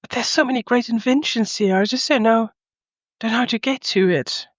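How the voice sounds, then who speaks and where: A woman speaking in character at a tabletop game, eager and excitable and tripping over her words. Her voice is high. The recording is dry and a little muffled. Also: brisk, dry recording. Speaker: player. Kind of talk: in-character tabletop role-play.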